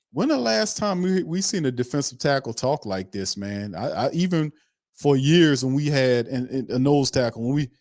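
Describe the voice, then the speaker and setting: A man's voice: mid-range voice, a little mellow, dry recording, studio quality. A man hosting a football commentary show, talking emphatically and repeating himself, often tagging sentences with "man". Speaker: sports commentary host. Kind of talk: casual commentary on a played interview clip.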